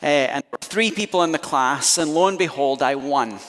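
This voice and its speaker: A Scottish man preaching as a pastor, telling stories in an animated, self-deprecating way in a church auditorium. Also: fairly high pitch, moderate pace. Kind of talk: storytelling sermon. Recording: reverberant church hall.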